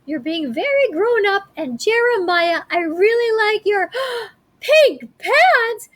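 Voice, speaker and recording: A woman voicing a bossy, cheerful kindergarten teacher who talks slowly and emphatically. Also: very high voice, very animated, pitched above the performer's own voice, exaggerated voice. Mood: praising. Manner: slow, sing-song, emphatic.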